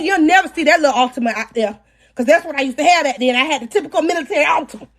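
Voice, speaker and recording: Animated high-voiced woman telling a story. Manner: animated, swings between low mutters and loud outbursts; talks to her audience directly. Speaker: storytelling podcast host. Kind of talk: casual storytime chat.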